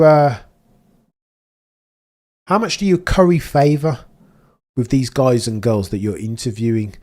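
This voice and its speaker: A man's voice: medium pitch, a little mellow. A young man hosting a live watchalong, talking in a rambling, opinionated way and often restarting his sentences. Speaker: livestream host. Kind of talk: casual live commentary.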